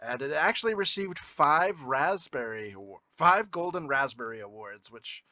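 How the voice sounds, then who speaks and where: Co-host, adult man, high bright voice, matter-of-fact trivia reader, lively pitch. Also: moderate pace, no room sound. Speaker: podcast co-host. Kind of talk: casual movie review chat.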